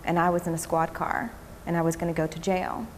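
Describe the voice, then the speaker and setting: A woman recounting her own experience in a documentary interview, speaking haltingly with fillers and restarts. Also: fairly low pitch, little pitch movement, a little hiss or hum.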